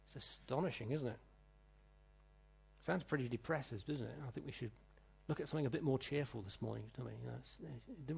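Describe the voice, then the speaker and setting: A middle-aged British man preaching a sermon, reading scripture and telling stories, swinging between loud declaiming and quiet asides. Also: on the high side, expressive, a little fast, vocal fry, slightly rough. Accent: British English. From Britain.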